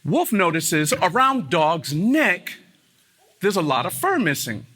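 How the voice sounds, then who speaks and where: A man telling a fable live to an audience of students in an arts center, animated, with dramatic pauses and chanted call-and-response refrains. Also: high voice, background noise. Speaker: storyteller.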